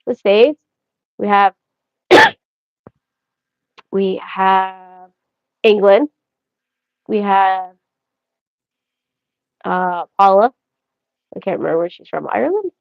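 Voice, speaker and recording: A woman's voice: mid-range voice, animated, slow pace, creaky, pauses often, no room sound. Chatty woman on a livestream. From Canada. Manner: rambling, chatty and joking, talks straight to viewers. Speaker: livestream host. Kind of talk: casual livestream chat. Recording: dry, dull lo-fi audio.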